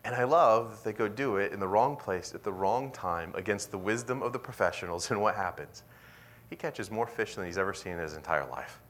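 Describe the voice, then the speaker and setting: A young man preaching a sermon in a lively, conversational way, sometimes dropping to a whisper. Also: lowish voice, brisk. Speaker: pastor.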